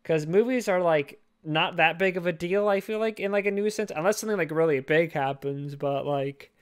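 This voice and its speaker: A young man with a smooth, resonant voice that sits a little high for a man, co-hosting a podcast. He chats in a rambling, jokey way, swears casually and fills his talk with "like.". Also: normal speed. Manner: rambling, profane, jokey, full of fillers. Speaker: podcast co-host. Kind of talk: casual chat.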